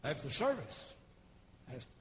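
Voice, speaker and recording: A pastor in his sixties with a Tennessee Southern accent, preaching a folksy, humorous sermon with homespun storytelling and sudden shouted bursts. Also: a little high, sing-song, moderate pace, a little hiss or hum. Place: church service broadcast on television.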